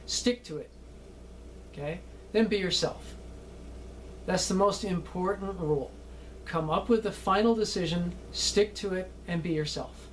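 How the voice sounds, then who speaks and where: A man's voice: high-pitched, measured pace, long pauses, a bit bright, slight background noise. A middle-aged man teaching acting students in a casual, rambling lecture, often ending lines with "okay?".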